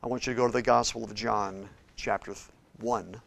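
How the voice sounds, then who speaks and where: A man preaching a sermon as a pastor in a church, shifting between loud, emphatic declarations and quiet, hushed passages. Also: on the low side, fairly even intonation, a little fast, creaky, slight background noise. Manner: preaches with big swings from shouting to hushed tones.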